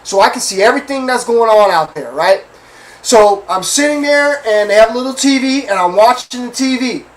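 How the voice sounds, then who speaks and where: A man's voice: very high voice, moderate pace, recorded from a distance, poor audio. A man hosting his own show, telling a story from his life as a casual rant. He swears a lot, repeats himself and keeps asking the listeners if they follow. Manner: animated, profane, repeats phrases and asks the listeners for agreement. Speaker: podcast host.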